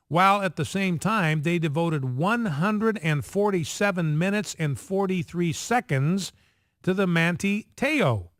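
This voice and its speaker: A male talk radio host with a slightly high voice, recorded dry and close in a studio. He delivers commentary with emphasis, stretching out key figures and stacking repeated phrases into rhetorical questions. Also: dry recording. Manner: emphatic, slows down to stress figures.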